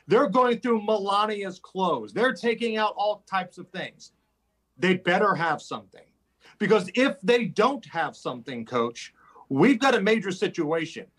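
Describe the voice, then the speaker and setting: A man appearing as a guest on talk radio, making a fast, forceful political argument. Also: high voice. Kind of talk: opinionated talk radio commentary.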